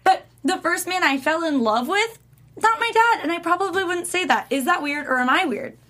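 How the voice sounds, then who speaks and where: A woman's voice: very high-pitched, sharp tone. A woman co-hosting a casual recap show, wry and questioning. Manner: wry, questioning, drawn-out phrasing. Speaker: podcast co-host. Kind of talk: casual chat.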